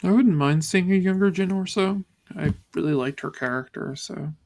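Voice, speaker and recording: A man's voice: sits high, moderate pace, vocal fry, darkish tone. A man in a casual podcast chat, chiming in with hesitant, short remarks.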